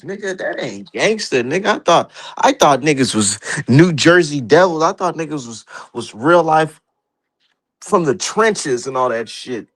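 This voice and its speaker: A man's voice: fairly high pitch, very animated, a little slow. A man hosting a casual boxing livestream, talking loosely and profanely and laughing at his own jokes. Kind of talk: casual live-stream commentary.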